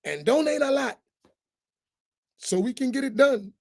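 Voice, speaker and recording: An imam talks informally to his congregation. He jokes and acts out little voices in a high, gravelly tone. The sound is dry and close. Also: measured pace, dry recording. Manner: animated, humorous, acts out voices, preachy asides. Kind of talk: informal reflection talk to a congregation.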